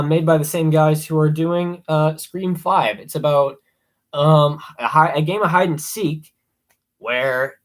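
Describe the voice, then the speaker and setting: A young man hosting a casual live stream, rambling with many ums and excited asides. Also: a little high. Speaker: livestream host ranking horror films.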